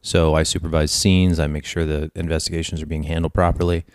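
A fast-talking man with a very low voice, chatting as a podcast guest. He is easygoing and quick to agree. The sound is dry and close to the mic. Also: level tone, clean tone, dry recording. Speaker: podcast guest, police supervisor. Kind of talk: casual podcast chat.

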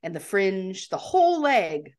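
A woman co-hosting a casual movie discussion podcast, animated and laughing often. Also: mid-range voice, measured pace. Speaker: podcast co-host.

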